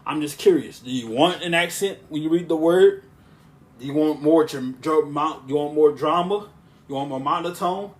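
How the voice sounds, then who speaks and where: A man hosting a podcast and speaking as a preacher, with a smooth, monotone, relaxing voice; he talks in a rambling way, often restarting his sentences. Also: on the high side, moderate pace. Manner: rambling, with frequent restarts and asides. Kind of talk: casual podcast talk.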